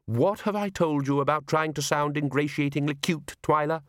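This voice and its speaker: A man voicing a calm, firm young governess. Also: on the high side, moderate pace, no echo, clean studio sound, voice pushed up, close to an everyday voice. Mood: stern.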